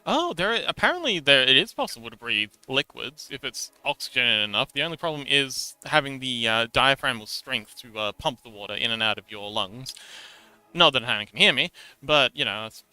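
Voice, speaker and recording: A man's voice: medium pitch, big pitch swings, fairly quick, pushed and bright, clean tone, no room sound, poor audio. A man from Hong Kong chatting casually with his livestream chat while he models an avatar, with many fillers and restarts. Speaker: VTuber streamer. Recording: dry close mic, faint background music.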